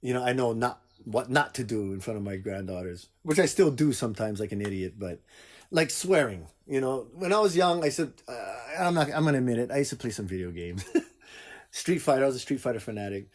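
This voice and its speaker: A man's voice: mid-range voice, lively intonation, brisk. An older man hosting a podcast, chatting casually and animatedly, laughing often and acting out quotes. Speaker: podcast host. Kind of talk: casual chat.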